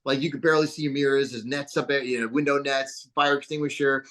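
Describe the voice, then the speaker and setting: A man from New Jersey, a podcast guest, telling stories in a casual, rambling way with lots of fillers and bursts of excitement. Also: mid-range voice, quick pace. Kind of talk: casual interview storytelling.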